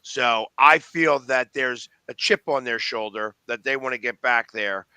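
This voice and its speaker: A man's voice: mid-range voice, a little slow, bright, forceful tone, smooth, no echo. A man co-hosting a sports talk show, speaking emphatically and with indignation in a casual chat.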